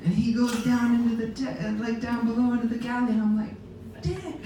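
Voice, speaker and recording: A man casually telling an animated sailing story to a live audience aboard a ship, laughing as he goes. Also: very high voice, fast talker. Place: lounge aboard a ship, indoors. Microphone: phone camera in the audience. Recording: very echoey room, distant mic, faint background noise.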